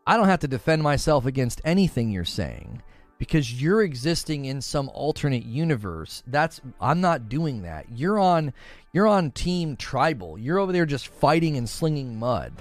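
A man hosting a gaming livestream, with a lively, rising and falling delivery that sits a bit high. He talks through examples and acts out little imagined quotes. The sound is dry and close, with faint music underneath. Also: no room sound. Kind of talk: casual livestream commentary.

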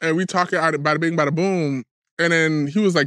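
A man's voice: a little high, steady tone, a little fast, fairly bright tone, no echo, clean studio sound. A man co-hosting a podcast in casual chat, telling stories bluntly with plenty of profanity. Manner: blunt, profane, fired-up storytelling. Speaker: podcast co-host.

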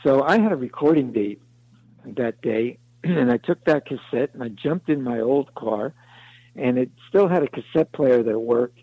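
A man's voice: medium pitch, normal speed, no room sound. Guy rambling through showbiz stories, does little voices for everyone, dry muffled radio sound. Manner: rambling anecdotes, acts out others' voices. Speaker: songwriter guest. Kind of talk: interview storytelling.

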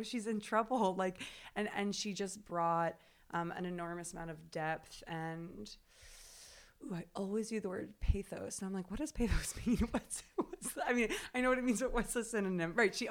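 A woman playwright chatting casually about rehearsals, animated and often laughing, with frequent restarts. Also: fairly low pitch.

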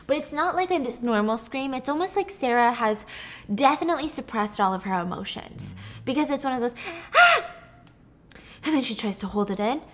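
A woman casually recapping a story, animated and joking, with some swearing. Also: fairly high pitch.

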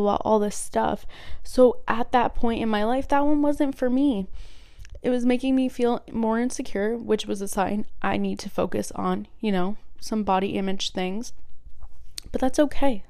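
A woman's voice: medium pitch, gravelly, darkish tone, dry recording, clean studio sound. A young woman talking casually about meditation, chatty and rambling, often correcting herself. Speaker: meditation podcaster. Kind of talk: casual solo talk.

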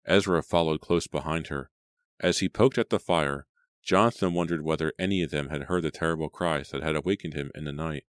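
Deep deep voiced guy reading an audiobook, steady, dry close mic. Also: brisk, dry recording. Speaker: audiobook narrator. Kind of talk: scripted audiobook narration.

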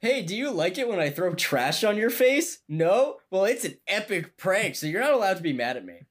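A man's voice: sits high, big pitch swings, normal speed, pitched above the performer's own voice. A man voicing an obnoxious young male prank YouTuber in a smug, mocking tone.

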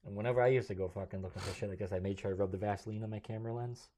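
A man's voice: on the low side, fairly even intonation, rapid-fire, warm tone. A man co-hosting a podcast, joking and swearing in casual chat. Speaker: podcast co-host.

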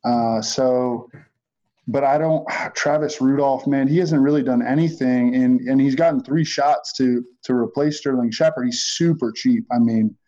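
A man's voice: mid-range voice, measured pace, mellow, dull audio. A man discussing fantasy football receivers in a loose podcast chat, thinking aloud with restarts.

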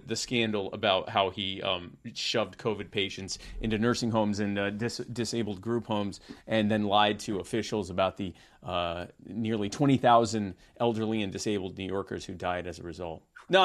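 A man with a low-pitched voice co-hosts a casual comedy podcast. He rambles, fills his talk with "like" and "uh," and leans hard into sarcasm. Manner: rambling, sarcastic, with filler words. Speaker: podcast co-host. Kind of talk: casual political comedy chat.

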